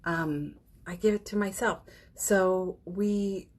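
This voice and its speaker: A woman's voice: medium pitch, slow pace, darkish tone. A woman hosting a live morning session, talking casually and encouragingly about a spiritual practice, with fillers and little laughs. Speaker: host of a daily live session. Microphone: phone or webcam on a live stream.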